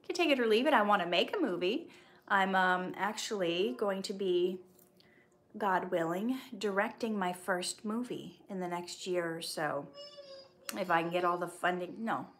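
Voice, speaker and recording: An actress hosting a casual live stream, reading viewer questions aloud and answering in a chatty, candid way. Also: female voice, mid-range voice, fairly bright tone.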